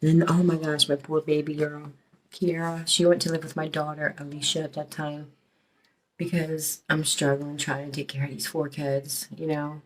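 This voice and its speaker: Woman, middle-aged, low voice, rambling, profane, emotional, casual storytelling. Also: flat delivery, moderate pace. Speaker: storyteller recounting her past.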